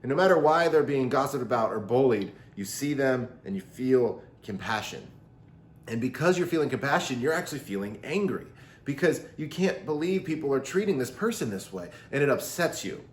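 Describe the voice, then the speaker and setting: Animated man teaching a youth Bible lesson. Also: medium pitch, a little fast. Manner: lively, acts out quotes in voices. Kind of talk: recorded Bible lesson for teens. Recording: roomy echo.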